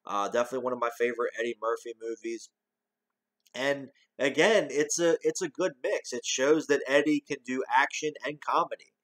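Reviewing a movie, a man chats in a loose, rambling way, restarting often and dropping the odd swear word while staying casual throughout. His voice is medium-pitched with a fairly bright tone.

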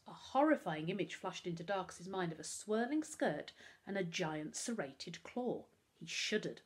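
A woman teacher, reading a children's novel aloud to her class as an expressive storyteller. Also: fairly low pitch, normal speed, breathy edge. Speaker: primary school teacher.

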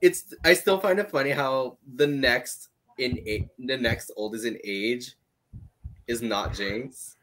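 A man's voice: mid-range voice, slow pace, a bit bright, rough recording. Hesitant man chiming in on a podcast. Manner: hesitant, chimes in briefly. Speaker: podcast co-host. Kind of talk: casual podcast chat.

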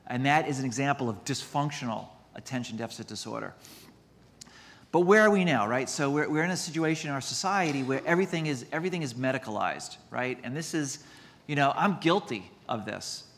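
A man's voice: medium pitch, lively intonation, fairly quick, fairly bright tone, big-room sound. A man, a doctor, giving a conference lecture in a chatty, self-deprecating way, mixing medical points with stories.

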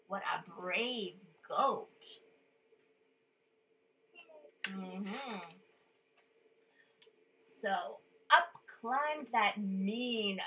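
A woman's voice: a little high, a bit bright, poor audio. Playful woman reading to a child. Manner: playful, coaxing a child to join in. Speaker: storyteller. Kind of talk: reading a children's story aloud.

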